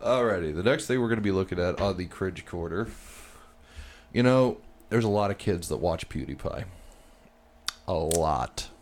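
Brief: low-pitched male co-host, animated swings in pitch, crude and giggly banter. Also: normal speed, pauses often, slight background noise. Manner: profane, laughs often, swings his pitch animatedly. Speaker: podcast co-host. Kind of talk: casual comedic chat.

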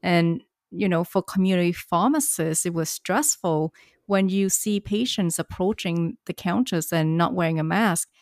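A woman's voice: lowish voice, moderate pace, no echo, studio quality. A woman pharmacist chatting casually, hesitant and full of fillers. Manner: hesitant, lots of fillers, laughs easily. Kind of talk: casual podcast chat.

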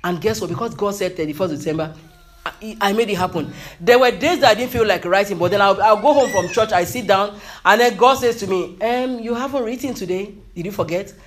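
A man with a high voice delivers a motivational sermon. He speaks emphatically, repeats his key points and punctuates them with hallelujah. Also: fairly quick, a bit bright. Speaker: preacher.

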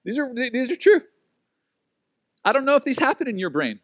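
A man preaching a sermon, telling stories with lively energy and acting out the voices of the people he quotes. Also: very high-pitched, brisk, dry recording. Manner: animated storytelling, acts out quoted voices. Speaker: pastor.

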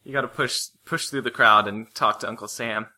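A man playing in a tabletop game, making quick joking asides. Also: mid-range voice, fairly even intonation, bright, forceful tone. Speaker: player. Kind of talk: tabletop role-play.

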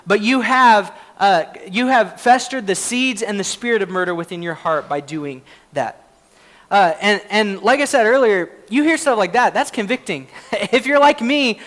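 A man's voice: high-pitched, fairly bright tone. A man preaching a sermon as pastor, earnest and conversational, with frequent fillers and self-deprecating laughs.

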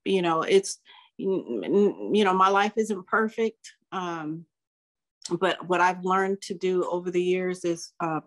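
A woman in her sixties, a guest in a casual interview, speaking reflectively with many restarts and pauses. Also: lowish voice. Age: 60s.

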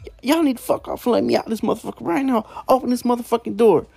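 A man's voice: high voice, steady tone, fast talker, no echo. A man voicing a furious male prison inmate who curses and demands to be let out, repeating himself.

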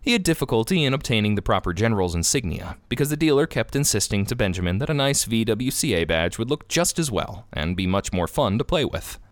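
A man narrating a classic short story as a podcast reader, expressive and measured. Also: lowish voice, no echo. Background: guitar music.

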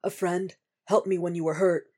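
A woman voicing a gruff, terse ex-Marine. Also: lowish voice, level tone, normal speed, dark tone. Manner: terse, clipped orders. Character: gruff male ex-Marine, protective, blunt. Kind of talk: audiobook reading of fan fiction.

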